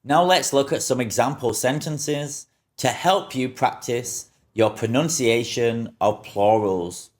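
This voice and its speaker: Very slow-talking male English teacher. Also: medium pitch. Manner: patient, repeats words slowly for learners. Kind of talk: slow, repetitive pronunciation lesson.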